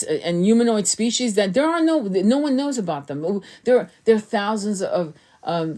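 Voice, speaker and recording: A woman's voice: mid-range voice, darkish tone. Earnest woman giving rambling spiritual teaching. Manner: earnest, rambling, repeats words as she restarts. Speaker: tarot reader and spiritual coach. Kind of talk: casual spiritual teaching monologue.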